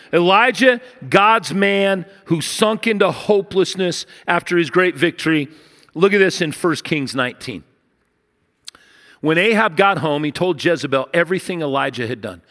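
A man preaching a sermon, telling a story with animated asides and dropping to hushed intensity at key moments. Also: high-pitched. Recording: long reverb of a large hall.

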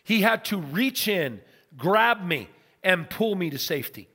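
A middle-aged male pastor preaching a sermon, telling a story with big swings from loud to soft. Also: high-pitched, very animated, a little slow, breathy edge. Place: church sanctuary. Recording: long hall reverb.

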